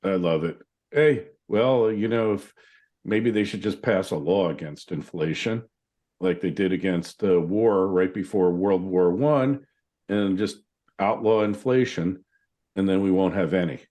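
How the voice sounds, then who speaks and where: A man with a low voice hosts an interview podcast. He talks casually, with blunt opinions and dry sarcasm. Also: measured pace, dark tone. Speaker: podcast host.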